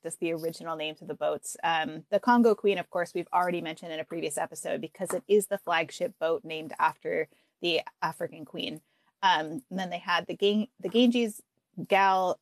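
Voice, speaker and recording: A young woman co-hosting a podcast in casual chat, chatty and quick to laugh. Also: lowish voice, no echo. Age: young adult. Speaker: podcast co-host.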